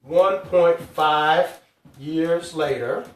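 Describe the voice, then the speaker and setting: A man hosting a live financial talk, stressing each number slowly and calling out to his viewers. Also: on the high side, steady tone, distant mic. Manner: emphatic, drawn-out numbers, calls out to viewers. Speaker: host. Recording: echoey room, speaker away from mic.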